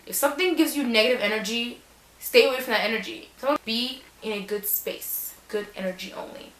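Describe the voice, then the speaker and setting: A woman's voice: a little high, fairly quick, fairly bright tone, roomy sound, rough recording. A young woman giving casual back-to-school advice in a sassy, chatty way, full of slang and acted-out quotes.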